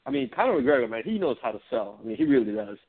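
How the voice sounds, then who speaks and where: A man co-hosting a casual combat sports podcast, animated and laughing often. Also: medium pitch, very fast, gravelly, slightly rough. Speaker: co-host. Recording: phone-like narrow sound.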